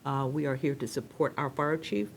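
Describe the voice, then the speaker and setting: A woman's voice: extremely low pitch, fairly even intonation, moderate pace, slight background noise. A woman serving as commission president, chairing a public meeting in an informal, joking way with filler-laden asides.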